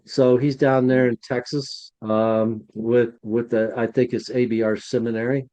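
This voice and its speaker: A man's voice: medium pitch, flat delivery, a little slow, warm tone. A man co-hosting a podcast, telling a chatty, rambling story and acting out the dialogue. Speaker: podcast co-host, museum curator. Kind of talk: anecdotal storytelling.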